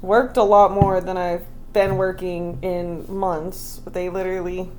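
A young woman co-hosting a casual chat podcast, drawn-out and often laughing. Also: fairly low pitch, little pitch movement, darkish tone, slight background noise. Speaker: podcast co-host.

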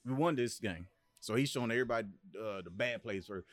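A man's voice: medium pitch, quick pace. A middle-aged man, a former football player and coach, telling stories in a casual podcast chat and acting out others' voices. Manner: animated storyteller, acts out voices of others.

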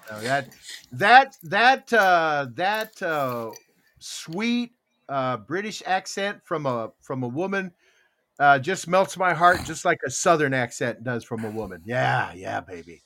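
A man hosting a call-in morning show who rambles and teases, starting sentences over and filling gaps with "uh." His voice sits a little high and swings widely up and down, with a bright, forceful edge. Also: sing-song, slow. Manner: rambling, lots of fillers and restarts, teasing. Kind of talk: casual call-in radio chat.

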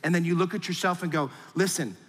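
Male pastor preaching a sermon; high, bright, forceful voice, animated, acts out voices, echoing church hall. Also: racing. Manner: animated, acts out angry voices, then drops low and soft for serious points.

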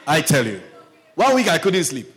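A man preaching, telling a personal story with lively delivery and acted-out quotes. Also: fairly high pitch, normal speed, husky. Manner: animated storyteller, acts out quoted voices. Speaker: pastor. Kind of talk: sermon storytelling.

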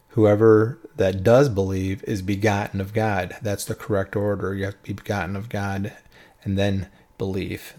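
A man's voice: fairly low pitch, vocal fry, darkish tone. Conversational man teaching Bible verses. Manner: conversational, often tags points with a questioning "right?".

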